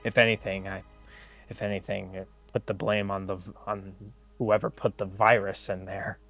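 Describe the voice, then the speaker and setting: A man's voice: fairly low pitch, little pitch movement, normal speed, fairly bright tone, muffled recording, faint music behind. A man playing a tabletop game in character, stammering and repeating words. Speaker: player.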